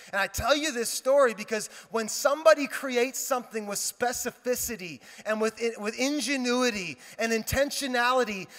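High, bright-voiced pastor preaching. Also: male voice. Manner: animated storytelling with quoted dialogue and asides. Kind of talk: sermon. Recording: reverberant hall.

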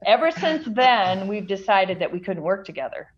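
A woman's voice: medium pitch, very animated, moderate pace, highs cut off, a loud crowd. Chatty woman telling a story over a call. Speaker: guest, author's wife. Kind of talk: storytelling in an interview.

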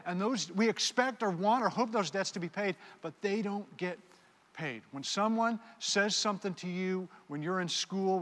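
A man's voice: high voice, fairly bright tone. A man preaching a sermon, animatedly directing volunteers on stage. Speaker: pastor. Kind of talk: sermon with audience participation skit. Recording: long hall reverb.

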